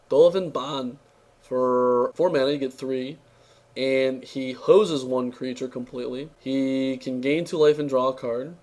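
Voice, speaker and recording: A man's voice: mid-range voice, darkish tone. A young man with a tired, strained voice, giving an offhand, sarcastic review in casual speech, full of fillers and restarts. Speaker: card game reviewer.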